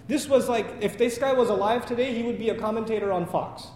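High-voiced male preacher in an echoey hall. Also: a little fast, few pauses. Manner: animated storyteller, acts out dialogue, laughs at own lines. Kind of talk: sermon storytelling. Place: mosque prayer hall. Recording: echoey hall with faint noise.

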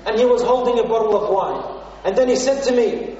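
A man delivers an impassioned sermon in a strikingly high voice, leaning on repeated phrases. He sounds distant and a little muffled. A long, booming reverb from a big hall trails every line. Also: fairly quick, warm tone. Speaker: preacher. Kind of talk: sermon told as a first-person story. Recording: muffled, echoey hall from far off.

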